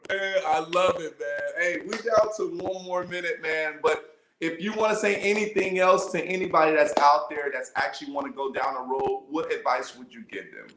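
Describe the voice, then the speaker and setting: A man's voice: fairly high pitch, normal speed, fairly bright tone. Man, host, hyped, effusive, slangy, echoey room. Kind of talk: casual interview sign-off.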